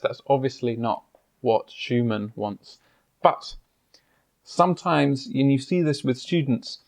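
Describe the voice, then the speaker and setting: A man teaching piano, explaining pedaling, fingering and rhythm in a measured way with pauses and fillers, his words broken up by demonstrations at the piano. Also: mid-range voice, a little mellow. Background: piano playing.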